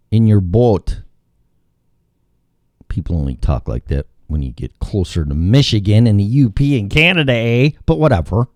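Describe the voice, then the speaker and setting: A man's voice: mid-range voice, darkish tone, dry recording. A man from the American Midwest hosting a talk show in casual, profane, rambling chat, with sarcastic asides, recorded on a studio mic. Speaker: radio show host.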